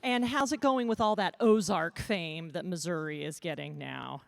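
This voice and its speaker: A woman's voice: on the low side, normal speed, creaky, no room sound. A woman interviewing a contestant on stage, asking chatty, encouraging questions. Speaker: event interviewer.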